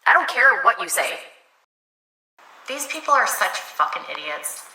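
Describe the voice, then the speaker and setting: A woman's voice: mid-range voice, sing-song, a little slow, pushed and bright. A woman ranting at her livestream chat, combative, profane and dismissive. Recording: echoey room, far from the mic.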